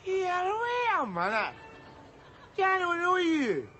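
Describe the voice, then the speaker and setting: A brash Glasgow street philosopher. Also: male voice, very high voice, huge pitch swings, slow pace, a little hiss or hum, exaggerated voice. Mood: mocking. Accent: Glaswegian. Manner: brash, mocking, shouty. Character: loud scruffy middle-aged Glasgow street philosopher. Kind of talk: sitcom acting.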